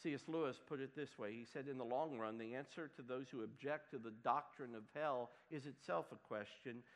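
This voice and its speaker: A man preaching a sermon to a congregation, swinging from loud emphatic bursts to hushed, quiet lines. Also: medium pitch, normal speed. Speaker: pastor.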